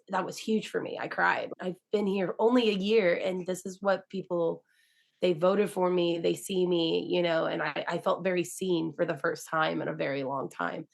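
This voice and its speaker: A woman's voice: on the low side, creaky. A young woman, a DJ, chatting as a guest and telling her story emotionally, acting out the dialogue she quotes. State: teary-eyed. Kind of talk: casual interview chat.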